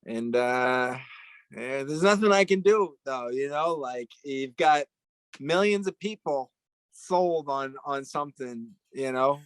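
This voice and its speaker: A man's voice: medium pitch, lively intonation, takes it slowly, smooth, dry recording, rough recording. A man chatting casually in a rambling, joking way, often searching for words. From Italian heritage. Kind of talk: casual chat.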